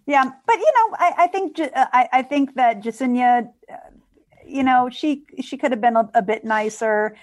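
A woman's voice: high voice, normal speed, dry recording. Hesitant woman, podcast guest. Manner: hesitant, full of fillers and restarts. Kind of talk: casual chat.

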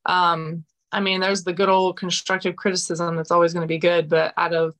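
Frank woman in her forties, bright tone. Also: on the low side, little pitch movement, brisk. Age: 40s. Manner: frank and blunt, with fillers and restarts. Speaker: guest fighter. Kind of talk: casual interview chat.

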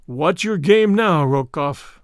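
A man reading the part of a calm, stern gentleman hero, speaking in a measured way. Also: a little high, smooth, dry recording, clean studio sound.

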